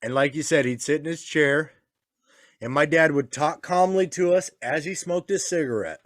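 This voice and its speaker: A man's voice: on the high side, moderate pace, no echo, clean studio sound. A man in casual chat, a father telling crude stories with swearing and laughs. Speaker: podcast co-host, father.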